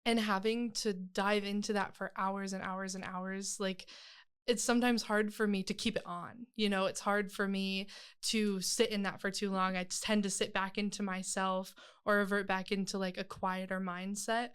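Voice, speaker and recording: Chatty young woman actor, smooth voice. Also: medium pitch, flat delivery, moderate pace, fairly bright tone. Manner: chatty, laughs easily, rambling. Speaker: stage actor. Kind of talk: casual interview chat.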